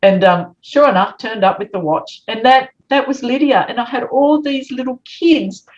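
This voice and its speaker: A woman's voice: fairly high pitch, moderate pace. A woman, telling a story as a guest and acting out the voices of the people in it. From Australia. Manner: animated, acts out quoted voices. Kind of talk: storytelling in conversation. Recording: dull lo-fi sound.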